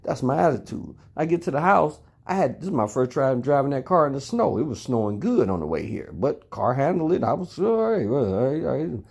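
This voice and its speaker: A man's voice: medium pitch, big pitch swings, fairly quick, gravelly, hardly any pauses, slightly rough. A middle-aged father at home, telling a long, rambling story to his son and swearing as he goes. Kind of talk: recorded monologue addressed to someone. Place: at home indoors.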